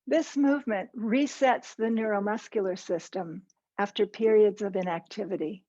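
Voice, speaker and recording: A woman teaching posture and balance, giving calm, encouraging step-by-step movement cues. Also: medium pitch, moderate pace, echoey room, dull audio. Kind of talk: guided movement instruction.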